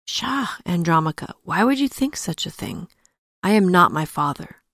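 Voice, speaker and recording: A woman reading a gentle, grieving warrior prince. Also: lowish voice, lively intonation, a little slow, no room sound, clean studio sound, full character voice. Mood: reassuring. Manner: gentle and soothing, softly spoken. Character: tender warrior prince, loving husband.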